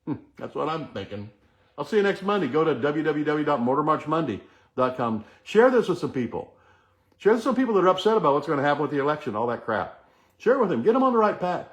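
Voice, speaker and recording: A man's voice: on the high side, sing-song, fast talker, lo-fi sound. A middle-aged man hosting a motivational talk, earnestly leading the listener through repeated affirmations. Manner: earnest, repetitive chanting of affirmations. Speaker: host.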